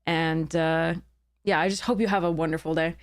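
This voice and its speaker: A woman's voice: low-pitched, fairly even intonation, moderate pace. A woman game streamer chatting live with her viewers, earnest and heated, often stopping to apologize.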